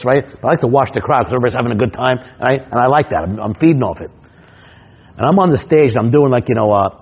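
A man who works as a stage hypnotist, teaching his technique through comic stories in an animated way, repeating himself and restarting his sentences. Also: mid-range voice, breathy edge, dull audio. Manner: animated, repetitive, quick restarts.

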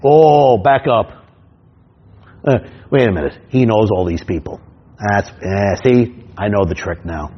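A man voicing a knowing, dismissive spectator who is sure he has caught the trick. The voice is a bit husky and sounds dull and lo-fi. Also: on the low side, a little slow, voice pushed down. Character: skeptical show spectator who sees through the trick.

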